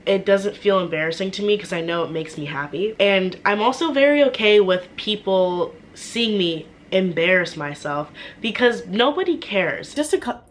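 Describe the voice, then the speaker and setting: A woman's voice: mid-range voice, lively intonation, normal speed. A woman in her twenties, a singer, chatting casually in a vlog with lots of "like" fillers. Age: 20s. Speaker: vlogger and singer.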